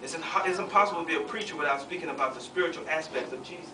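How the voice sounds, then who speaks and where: A man's voice: on the high side, very fast. A man preaching a conversational sermon, reading scripture and adding his own asides as the congregation answers back. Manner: conversational, reads scripture with asides and audience call-and-response. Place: church fellowship hall. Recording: echoey hall, distant mic, noisy.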